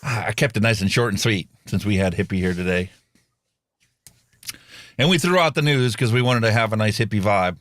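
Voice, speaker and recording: A man co-hosting a casual podcast, reading jokes in an animated way and jumping into higher voices for the punchlines. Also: brisk, long pauses. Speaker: co-host.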